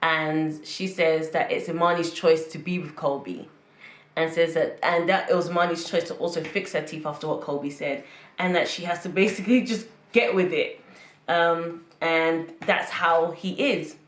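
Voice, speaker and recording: A woman's voice: sits low, steady tone, normal speed, roomy sound. A woman giving casual, opinionated commentary on a reality show, often repeating phrases for emphasis. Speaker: reality TV reviewer.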